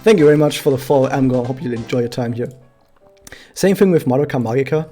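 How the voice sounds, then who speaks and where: Chatty male streamer, mellow voice. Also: mid-range voice, quick pace, soft background music. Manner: chatty, explains pronunciation with many fillers. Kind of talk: casual gameplay commentary to chat.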